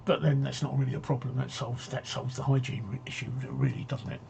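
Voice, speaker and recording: A man's voice: medium pitch, fairly even intonation, brisk, gravelly, a little mellow, a little hiss or hum. A man hosting a casual live-stream talk show, rambling and joking as he reads out viewer comments.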